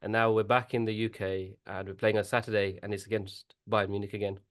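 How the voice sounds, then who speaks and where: A man with a Birmingham accent co-hosts a casual football podcast. His voice sits somewhat low, and his delivery is laid-back and easygoing. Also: flat delivery, fairly quick. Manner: laid-back, laughs easily. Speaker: podcast co-host.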